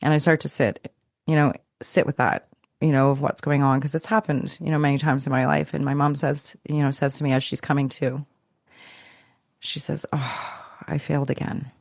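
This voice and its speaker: A woman speaks as a podcast guest, recounting her own story with a gravelly edge to her voice. She talks in a reflective, searching way, restarting phrases and letting them trail off. The recording sounds dry and close. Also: deep voice, little pitch movement, normal speed, no echo. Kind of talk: personal storytelling.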